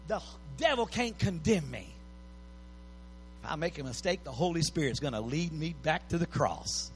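A man's voice: fairly high pitch, lively intonation, normal speed, slightly rough, faint music behind. A man preaching a sermon, impassioned, with repeated pleading phrases.

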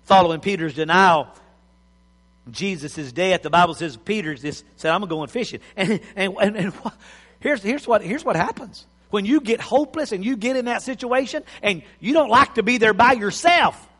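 A man's voice: sits high, moderate pace, a bit bright, long reverb tail. A male pastor preaching a sermon, telling the story with acted-out voices and chuckles. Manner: storytelling, acts out scenes, chuckles.

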